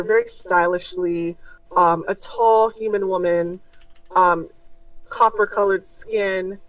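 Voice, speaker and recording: A woman narrating a tabletop game as game master, unhurried and descriptive, with frequent fillers. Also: lowish voice. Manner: unhurried, many ums, descriptive. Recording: distant mic, dry room.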